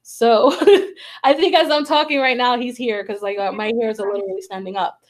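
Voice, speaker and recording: A woman's voice: a little high, fairly even intonation, moderate pace. A woman hosting a talk show, telling a personal story in a chatty way, full of fillers, and acting out the quoted voices. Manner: chatty, heavy on 'like' and 'you know'. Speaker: show host and psychic medium. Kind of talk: casual storytelling chat.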